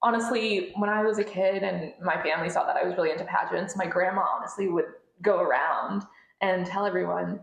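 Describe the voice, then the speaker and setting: A woman's voice: lowish voice, fairly even intonation, brisk, vocal fry. A woman in her twenties from the United States, a pageant titleholder talking earnestly and animatedly in an interview, often laughing. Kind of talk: casual interview conversation. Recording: echoey room.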